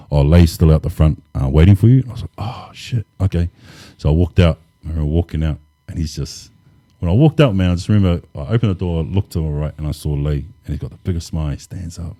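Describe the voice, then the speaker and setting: A man, relaxed and laid-back, telling stories as an interview guest with lots of casual fillers. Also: rumbling low, dry recording, clean studio sound. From New Zealand. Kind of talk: casual storytelling.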